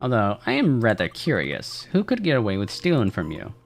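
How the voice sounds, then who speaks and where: A man's voice: on the low side, huge pitch swings, fairly quick, gravelly, faint music behind, exaggerated voice. A man voicing a prim, condescending rabbit who holds a debt over the hero. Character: prim, scheming male rabbit patron. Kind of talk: voicing characters while playing a game.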